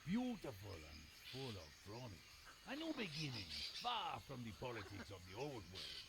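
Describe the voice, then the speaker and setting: A gravelly, self-assured new governor. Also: male voice, medium pitch, wildly swooping pitch, moderate pace, very noisy. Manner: reflective, grandly hopeful, wry. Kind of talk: video game cutscene narration. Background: loud music.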